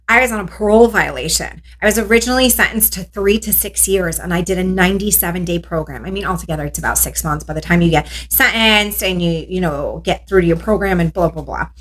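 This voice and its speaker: Woman retelling her story, low voice. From New York State. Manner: animated retelling that acts out the other voices. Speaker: vlogger telling her own story. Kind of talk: casual storytelling.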